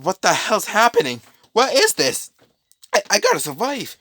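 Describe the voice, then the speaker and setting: A man's voice: sits high, wildly swooping pitch, moderate pace, sharp tone, no room sound, clean studio sound, voice pushed up, exaggerated voice. A man voicing a frightened male townsman who stammers out frantic questions. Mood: panicked. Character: panicked adult male townsman, frightened and groveling.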